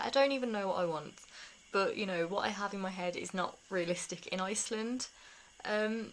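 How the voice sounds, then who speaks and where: A woman talking candidly to camera in a rambling, confiding way, laughing softly between thoughts. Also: mid-range voice, a little hiss or hum, poor audio. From England. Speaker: vlogger. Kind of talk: casual talk to camera.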